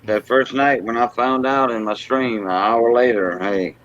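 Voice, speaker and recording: A man from Southwest Louisiana with a Cajun accent, talking in a halting, patient way in a casual memorial chat. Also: mid-range voice, fairly even intonation, a bit bright. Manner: halting, explains things patiently. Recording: dull lo-fi online audio.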